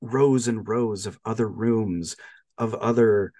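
A man's voice: lowish voice, fairly even intonation, slow, warm tone. A man co-hosting a podcast, recapping a movie in casual chat, telling it with animation, laughing often and using lots of fillers. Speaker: podcast co-host.

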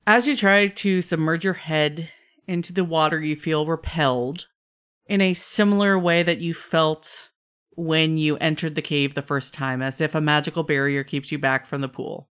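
A woman's voice: sits low, steady tone, moderate pace, a bit bright, clean tone. A woman narrating a tabletop role-playing game as game master. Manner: descriptive, laughs easily.

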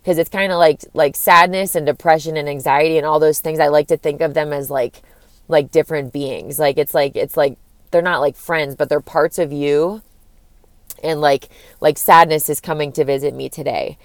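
Young woman vlogger, low voice, dry close sound, loose rambling delivery with casual swearing. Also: fairly even intonation, moderate pace, dry recording. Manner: rambling, frequent "like", swears freely. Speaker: vlogger giving breakup advice. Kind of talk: casual candid monologue.

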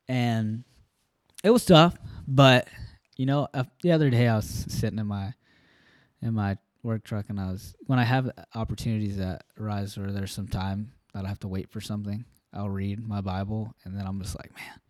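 A man's voice: fairly low pitch, moderate pace, dry recording, studio quality. A man co-hosting a faith podcast, talking in an earnest, rambling way with plenty of fillers. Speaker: podcast co-host. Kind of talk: casual faith talk.

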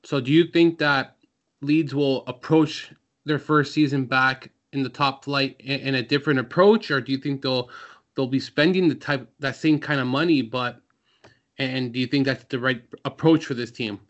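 A man hosts a casual football chat, asking long, hesitant questions and stumbling over names. His pitch sits at a middle level. The recording sounds dull and lo-fi. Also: moderate pace, fairly bright tone. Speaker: podcast host.

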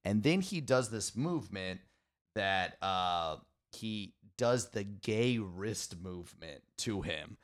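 A man co-hosting a podcast, retelling a cartoon episode in an excitable, laughing way. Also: lowish voice, takes it slowly, hardly any pauses. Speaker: podcast co-host. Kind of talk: casual chat.

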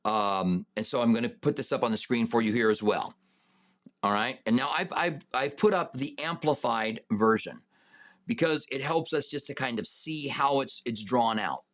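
A man with a mid-range, slightly bright voice leads a Bible study and takes questions from viewers. He speaks unhurriedly, with lots of fillers and restarts, and his voice rises emphatically when he reads scripture aloud.

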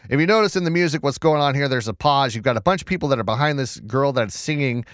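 A man hosting a casual news commentary show from a home setup, talking in a chatty, sarcastic way with lots of restarts. His voice sits at an ordinary middle pitch, and the recording is dry and close, with no room sound. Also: expressive, quick pace, fairly bright tone, dry recording. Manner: chatty, sarcastic, stumbling restarts, reads screen aloud.

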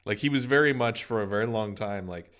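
A man chatting casually about old animated films, rambling and jokey. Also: on the low side, brisk. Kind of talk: casual film chat.

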